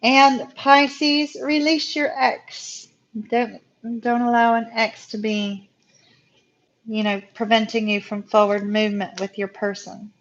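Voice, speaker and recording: Emotional tarot reader with a lilt. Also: female voice, fairly high pitch, level tone, slow, a bit bright, muffled recording, slight background noise. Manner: emotional, talks to viewers as "y'all". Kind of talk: live-stream tarot reading.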